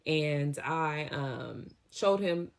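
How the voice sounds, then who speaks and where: A young adult woman casually telling a storytime tale, in an animated, slangy way with lively acted-out quotes. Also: low-pitched, very slow, creaky. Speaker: storytime vlogger.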